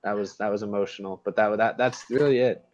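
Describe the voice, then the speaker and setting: Flat-voiced young man on dull mic. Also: fairly low pitch, a little fast. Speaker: podcast co-host reading chat. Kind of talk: casual chat.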